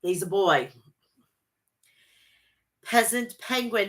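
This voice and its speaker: A woman's voice: fairly low pitch, lively intonation, slow, pauses often, bright, forceful tone. A young woman with a Long Island accent hosting a casual wrestling chat, blunt and brash, often laughing. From Long Island, New York. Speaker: wrestling podcast host. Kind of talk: casual livestream chat reading wrestling promos.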